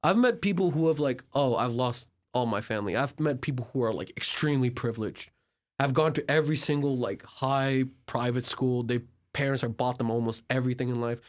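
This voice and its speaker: Young man from turkey, guest on a podcast, lively storytelling, lots of filler words, voices other people's lines. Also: medium pitch, brisk. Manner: animated, filler-heavy, acts out dialogue. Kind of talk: casual storytelling.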